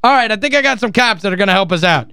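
A man's voice: sits high, animated, very fast, sharp tone, clean tone, no echo, clean studio sound. A man hosting a talk radio show, giving the phone number, reading scores and taking calls with energy.

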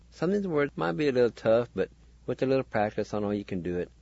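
A man hosting a radio language lesson, spelling words out and sounding each syllable slowly and deliberately. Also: medium pitch, expressive, a little mellow, dry recording, dull audio.

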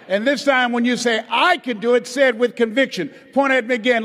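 A man giving a motivational speech to a live audience, leading it in booming call-and-response. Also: a little fast, few pauses, a bit bright. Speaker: motivational speaker. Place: large hall with a live audience. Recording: live speech in a large reverberant hall.

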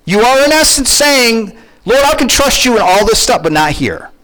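A middle-aged male pastor delivers a conversational sermon with a fairly high voice. His pitch rises and falls a lot as he talks. He keeps putting questions to his listeners. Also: moderate pace, low-quality recording. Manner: animated, conversational preaching with questions to the congregation.

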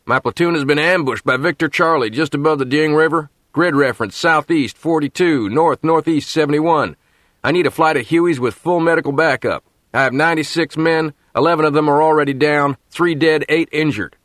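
A man's voice: on the high side, fairly quick, a bit bright, dry recording, studio quality, voice pushed up, natural voice. A man reading an audiobook, voicing a young army captain calling in an ambush over the radio in a clipped, urgent way. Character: young male army captain under fire.

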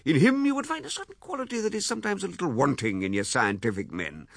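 Male reader doing a pompous, waggish middle-aged gent, lively lecturing voice, dry close sound. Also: high voice, quick pace, creaky, dry recording, pitched above the performer's own voice, full character voice. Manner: genial, lecturing, self-satisfied.

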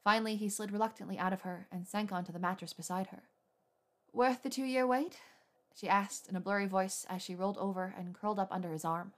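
A woman reader narrating a romance story in a steady, intimate way. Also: medium pitch, quick pace, few pauses. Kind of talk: scripted fan fiction narration.

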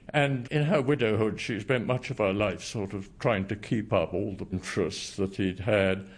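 A man's voice: lowish voice, gravelly. A male historian answering interview questions in a thoughtful, hesitant way.

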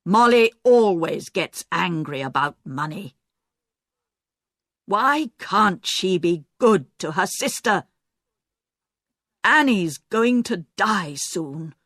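A woman's voice: on the low side, expressive, slow, long pauses, a bit bright, dry recording, studio quality, heavily acted. Woman reading a dismissive middle-aged man. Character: man, dismissive family relative.

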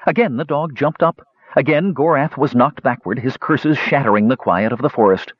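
A man narrating a story in an expressive, dramatic reading, in a slightly muffled recording. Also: medium pitch, normal speed, husky, no room sound.

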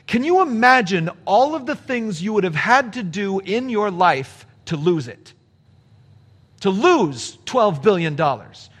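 Animated, high-voiced preaching man. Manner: conversational, animated preaching with rhetorical questions. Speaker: pastor. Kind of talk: sermon.

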